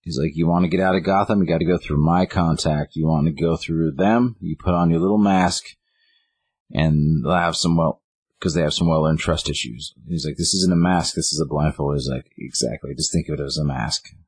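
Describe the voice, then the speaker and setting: Low husky guy on a podcast, keeps going "he's like" while retelling a comic, dry close sound. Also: fairly even intonation, moderate pace, darkish tone, dry recording. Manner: rambling, acts out quotes with "he's like". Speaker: podcast co-host. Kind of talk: casual chat retelling a comic.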